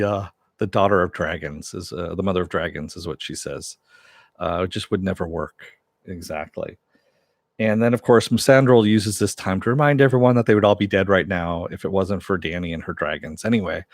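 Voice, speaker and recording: A man with a fairly low voice recaps a TV episode in a loose, rambling way. He fills his sentences with "uh" and "you know" and chuckles as he goes. The sound is dry and close, with no room echo. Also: normal speed. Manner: rambling, filler-heavy, laughs often, chats with viewers. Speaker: show reviewer.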